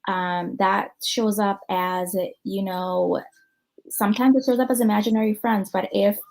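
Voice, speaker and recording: An American woman psychologist speaking at an online conference over a video call. She answers questions in a loose, conversational way, filling pauses with ums and you-knows as she thinks aloud, at an ordinary mid-range pitch. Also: steady tone, darkish tone, poor audio. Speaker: clinical psychologist.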